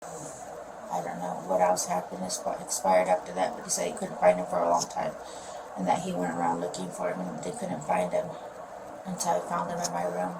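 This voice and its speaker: A woman's voice: low voice, sing-song, normal speed, vocal fry. A mother being questioned by police, rambling and upset, often trailing off mid-sentence. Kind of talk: recorded police interview. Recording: distant mic with loud noise.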